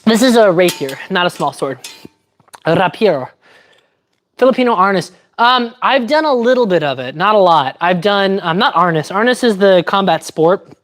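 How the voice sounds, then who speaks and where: A woman's voice: medium pitch, lively intonation, fairly quick, few pauses. A woman chatting casually on a livestream while training fencing, thinking aloud and explaining technique step by step. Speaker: fencer streaming her training.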